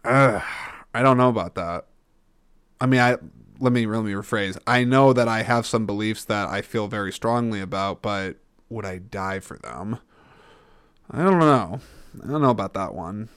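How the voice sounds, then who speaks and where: A man's voice: on the low side, animated, normal speed, a bit bright, clean tone, dry recording, studio quality. A man hosting a solo podcast, rambling and thinking aloud, often stopping and restarting. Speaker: podcast host. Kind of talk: casual solo podcast talk.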